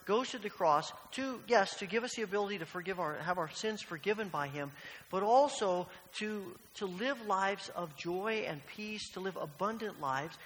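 A man's voice: sits high, a bit bright. A man preaching a sermon as pastor, earnest and questioning, often repeating phrases. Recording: long hall reverb, faint hiss.

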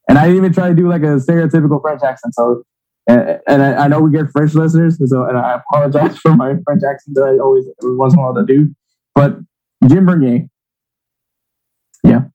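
A man's voice: a little high, mellow, lo-fi sound. A man co-hosting a sports podcast, rambling and teasing in casual chat. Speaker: podcast co-host.

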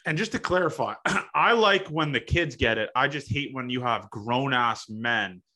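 A man's voice: medium pitch, expressive, sharp tone. A young male podcast host who talks bluntly and swears a lot, hosting a casual chat. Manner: blunt and profane, drawn-out phrasing.

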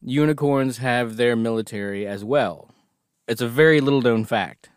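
A man's voice: medium pitch, normal speed, clean tone, no room sound, clean studio sound. A man co-hosting a casual comedic chat, joking and reading a story aloud. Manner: joking, reads story aloud, laughs often. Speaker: podcast co-host.

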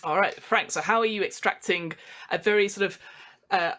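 A woman's voice: medium pitch, normal speed, a bit bright. A woman running a comedic tabletop game as game master. She narrates in a chatty way, full of fillers and little laughs. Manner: chatty, giggly, many fillers.

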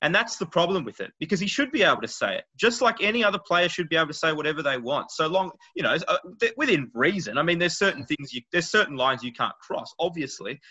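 A man's voice: fairly high pitch, big pitch swings, fast talker, hardly any pauses, sharp tone, slightly rough. An Australian man co-hosting a podcast, talking emphatically and with strong opinions. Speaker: podcast co-host. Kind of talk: casual panel chat. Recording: muffled lo-fi audio.

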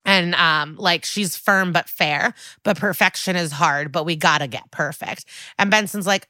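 A woman's voice: on the low side, pushed and bright, dry recording. A woman co-hosting a podcast, casually recapping a TV episode and quoting the characters. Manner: chatty, quotes characters in quick voices, laughs often. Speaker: podcast co-host.

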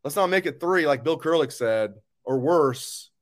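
A man's voice: on the high side, animated, normal speed. A man hosting a live sports talk stream, ranting angrily and bluntly, with swearing, as he reads viewer comments. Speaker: sports show host.

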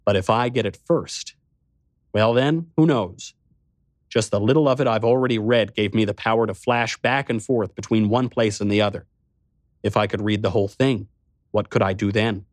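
A man's voice: mid-range voice, no echo, clean studio sound, close to an everyday voice. Man voicing an irritable old tycoon. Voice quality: muttering, testy. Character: irritable aging tycoon, evasive and scheming.

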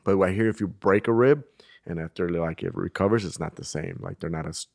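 Laid-back young man, low voice. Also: fairly quick, gravelly, darkish tone, no echo, studio quality. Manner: laid-back storytelling, slangy, acts out quoted voices. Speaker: podcast co-host. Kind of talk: casual chat.

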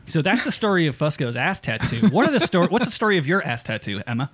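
A man's voice: on the high side, sing-song, quick pace, a bit bright, husky. A man co-hosting a podcast, trading crude jokes in casual chat. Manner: joking, crude banter. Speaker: podcast co-host.

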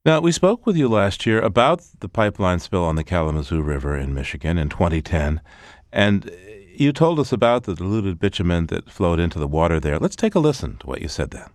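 Lively low-voiced man hosting a radio interview. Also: fairly quick, no room sound, studio quality. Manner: conversational questioning. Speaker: radio show host.

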